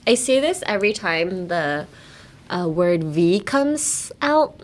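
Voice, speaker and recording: A woman's voice: on the low side, sing-song, slow pace. A young woman hosting a bilingual podcast, chatting casually and playfully as she teaches. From United States. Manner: playful, giggly, switching between English and Japanese. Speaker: podcast host.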